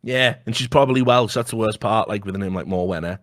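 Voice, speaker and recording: A man co-hosting a casual comedy chat, telling rambling, profane stories and breaking into sudden high-pitched outbursts. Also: fast, a bit bright, no room sound, studio quality. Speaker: podcast co-host.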